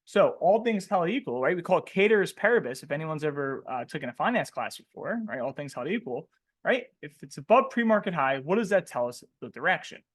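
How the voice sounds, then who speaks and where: Animated man with a high lively voice. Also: a little fast. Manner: animated, asks questions and tags "right?" constantly; slangy and joking. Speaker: trading coach. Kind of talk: live webinar teaching.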